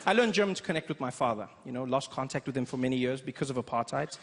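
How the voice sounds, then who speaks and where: A man in his thirties with a South African accent, doing a playful stand-up set on a theater stage. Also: medium pitch. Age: 30s. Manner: animated, quick, playful storytelling. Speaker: stand-up comedian. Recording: echoey theater with crowd noise.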